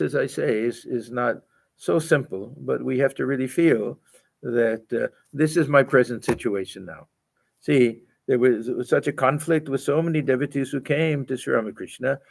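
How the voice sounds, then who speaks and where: An older man with a gravelly, mid-range voice gives a scripture lecture. He talks gently and haltingly, often repeating words as he searches for the next thought. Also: medium pitch. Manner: gentle, halting, many fillers and restarts. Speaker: swami teaching a scripture class. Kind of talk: spiritual lecture.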